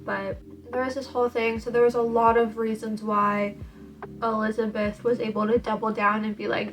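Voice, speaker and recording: A tired young woman in a casual book review vlog, talking in an animated, slangy and emphatic way. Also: a little high, normal speed. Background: faint background music.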